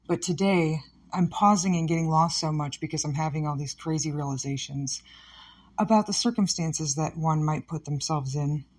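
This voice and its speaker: A woman's voice: sits low, moderate pace, a little mellow. A woman comedian hosting her own show, talking candidly and emotionally about something painful, scattered and sometimes sarcastic. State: upset. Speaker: podcast host and comedian. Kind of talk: candid personal monologue.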